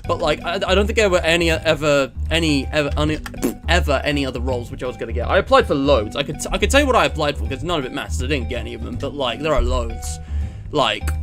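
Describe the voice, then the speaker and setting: A man from England chatting casually on a live stream, rambling with lots of fillers and self-deprecating asides. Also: fairly high pitch. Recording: music playing under the voice.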